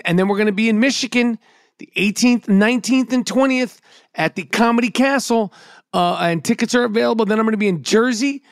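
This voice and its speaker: A middle-aged man talks in a brash, profane, storytelling way on a podcast. His voice sits unusually high for a man. The sound is dry, with no room around it. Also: brisk, no room sound. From New York. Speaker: podcast host and comedian. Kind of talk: casual podcast chat.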